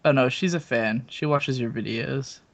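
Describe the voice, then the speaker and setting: A man's voice: mid-range voice, normal speed, vocal fry, a bit bright, no echo, muffled recording. A man co-hosting a casual podcast, dropping short, dry, understated remarks. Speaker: podcast host.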